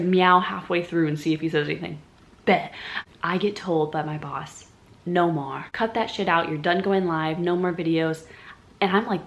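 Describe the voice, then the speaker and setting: A young woman telling a casual storytime vlog, animated and profane, often talking straight to her viewers. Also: lowish voice. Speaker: vlogger.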